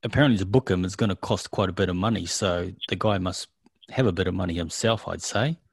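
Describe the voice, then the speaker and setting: A man with a New Zealand accent, co-hosting a show and casually recapping events step by step with frequent pauses. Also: low-pitched, gravelly, slightly rough, no room sound. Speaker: co-host of a wrestling recap show. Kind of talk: casual chat.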